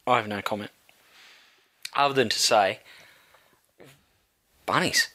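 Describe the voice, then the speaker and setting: Bright, crude Australian co-host. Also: male voice, on the low side, takes it slowly. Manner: crude, mocking wisecracks. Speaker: podcast co-host.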